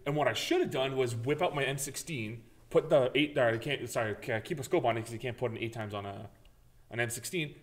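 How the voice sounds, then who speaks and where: Talking briskly in a medium-pitched voice, a gaming podcast co-host recounts a story with lively energy. He curses liberally and dramatizes how he reacted, keeping the chat casual.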